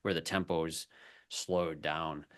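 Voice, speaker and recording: A man's voice: rumbling low, fairly even intonation, slow pace, fairly bright tone, clear, resonant tone. A man hosting a webinar over a video call, chiming in with reflective, agreeable remarks in a casual way. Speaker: webinar host. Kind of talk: casual chat.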